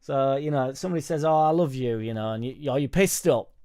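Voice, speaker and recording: A man hosting a football fan live stream, chatting casually and reading viewer comments aloud in a rambling, sweary, jokey way into a studio microphone on a boom arm. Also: fairly quick, dark tone. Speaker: football fan channel host.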